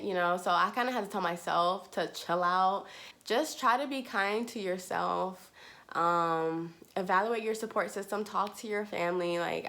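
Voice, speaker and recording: A woman's voice: mid-range voice, fairly bright tone. A young woman, a nursing student, talking casually to her viewers, full of "like" and "you know". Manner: chatty, heavy use of "like" and "you know". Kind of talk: casual storytelling to camera.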